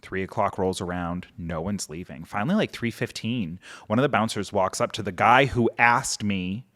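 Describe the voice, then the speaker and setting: Man, podcast guest, lively anecdote, fairly low pitch. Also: moderate pace. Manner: animated, acts out quotes, many "like" fillers. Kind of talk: casual storytelling.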